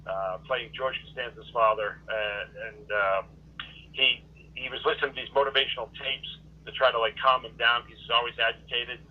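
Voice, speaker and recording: A man's voice: mid-range voice, fairly even intonation, normal speed, a little hiss or hum. Hesitant man on a tinny phone line. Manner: hesitant, many ums and uhs. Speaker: podcast guest, comedian. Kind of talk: casual podcast chat. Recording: phone-like call audio.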